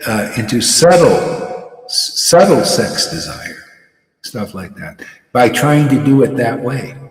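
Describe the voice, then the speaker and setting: A man's voice: medium pitch, a little mellow. A man, a spiritual teacher, giving an earnest devotional talk, often repeating words as he preaches. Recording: echoey hall, from far off.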